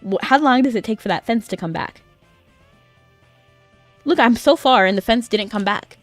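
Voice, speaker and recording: A woman's voice: on the high side, lively intonation, normal speed, no room sound, soft background music. A young adult woman chatting casually on a gaming stream, rambling along with lots of "like". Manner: chatty and rambling, with frequent filler "like". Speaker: VTuber streamer.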